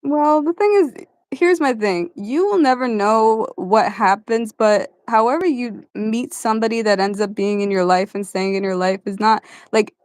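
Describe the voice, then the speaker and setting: A woman's voice: on the high side, moderate pace, few pauses, a little mellow, no echo. Rambling woman with a dry voice. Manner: rambling, many filler words. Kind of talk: casual chat.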